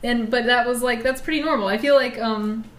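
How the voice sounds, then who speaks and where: A woman's voice: fairly high pitch, fairly even intonation, a little fast, a bit bright. A woman from Virginia co-hosting a podcast, rambling through a casual story with lots of "like.". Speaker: podcast co-host. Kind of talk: casual chat. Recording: echoey room, faint noise.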